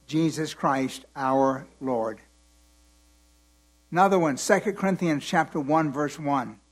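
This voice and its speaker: Speaking a little high, a preacher guides his congregation through the Bible, unhurried and deliberate. He circles back to his points and lets listeners complete them, his voice showing end-of-day fatigue.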